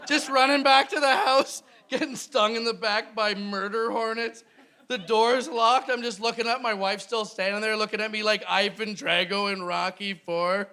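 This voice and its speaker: Canadian guy doing standup, high bright voice, gets loud and animated. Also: moderate pace, smooth, some chatter behind. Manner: animated, jumps into loud shouted bits. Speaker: stand-up comedian. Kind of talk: stand-up comedy set. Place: live comedy venue with audience.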